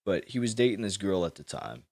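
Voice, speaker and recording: Deep-voiced man rambling as a host. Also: very animated, brisk, a little mellow. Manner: rambling, profane, loose storytelling. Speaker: podcast host. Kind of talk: casual chat.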